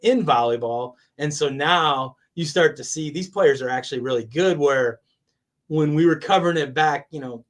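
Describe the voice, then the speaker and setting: A man speaks as a guest on a college sports podcast. He talks enthusiastically in a conversational way and laughs often. His voice sits a little high. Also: normal speed. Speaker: guest, college athletics communications director. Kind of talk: casual interview chat.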